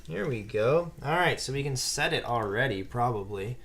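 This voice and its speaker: A man's voice: medium pitch, lively intonation, normal speed, very noisy. A man hosting a casual live stream, chatting and reading viewer comments aloud while he builds a set. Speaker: live-stream host building Lego sets.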